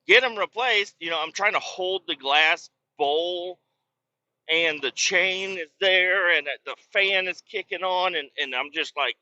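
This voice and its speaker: Bright-voiced man ranting on a podcast. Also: high-pitched, unhurried, muffled recording. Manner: rambling, joking, rants with bursts of shouting. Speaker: podcast host. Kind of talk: casual solo podcast talk. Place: moving vehicle on a bumpy road.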